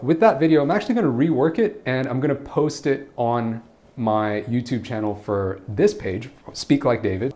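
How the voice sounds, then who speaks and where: A man's voice: mid-range voice, darkish tone. A man teaching an online English grammar lesson as a pronunciation coach, in a playful and teasing way.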